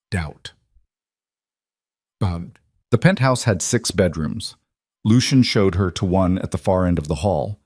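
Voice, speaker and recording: A man narrating a dramatic story in an even, measured way. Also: on the low side, no room sound, clean studio sound.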